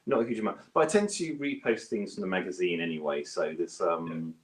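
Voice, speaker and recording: A British man, a guest bass player, chatting self-deprecatingly from his home studio over a video call. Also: a little fast. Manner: chatty and self-deprecating, with lively pitch jumps. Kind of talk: casual interview chat. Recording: roomy echo.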